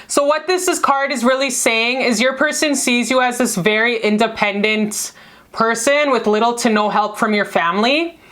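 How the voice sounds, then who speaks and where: A woman's voice: on the high side, a bit bright. Effusive, foul-mouthed woman reading tarot. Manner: effusive, affectionate and profane, calls viewers baby and honey; emphatic repetition. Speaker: tarot card reader. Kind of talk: casual tarot reading to viewers.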